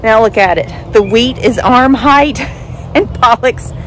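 A woman's voice: on the high side, slow, a bit bright, faint music behind. Chatty woman vlogging with her dogs. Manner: chatty, laughs often, baby-talks to dogs. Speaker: vlogger, dog owner. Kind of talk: casual vlog narration talking to her dogs. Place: home and backyard.

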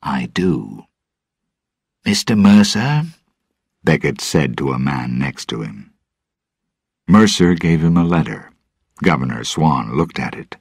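Slow, deep-voiced male storyteller with a gravelly, husky voice. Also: animated, no room sound, clean studio sound. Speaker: narrator. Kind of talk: storybook narration for English learners.

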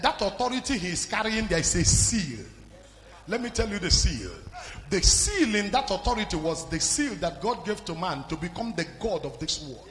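A man with a Nigerian accent preaching a fiery sermon as pastor, swinging from hushed to shouting. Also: high voice. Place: large church hall. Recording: live hall with music behind.

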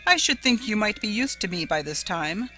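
A blustering man who forces a casual, easy manner, as a woman narrator puts him on. The voice stays near her own, bright and lively in its rises and falls. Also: medium pitch, normal speed, faint music behind, pitched above the performer's own voice. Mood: forced ease. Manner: forced breeziness.

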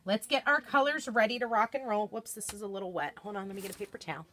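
Bright chatty woman on a craft livestream. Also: mid-range voice, expressive, fast, slight background noise. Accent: American. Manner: chatty, reads out viewer comments. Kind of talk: live craft demo chatting with viewers.

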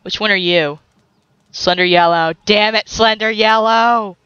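A young woman giving casual, excitable let's-play commentary, swearing at the game and laughing often. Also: mid-range voice, measured pace, smooth, no room sound, dull audio.

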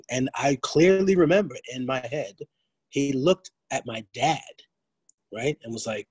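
Blunt, husky-voiced New man lecturing. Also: medium pitch, animated, measured pace, darkish tone, dry recording, rough recording. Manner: blunt, streetwise, profane, many restarts. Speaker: guest lecturer. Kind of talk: lecture to students.

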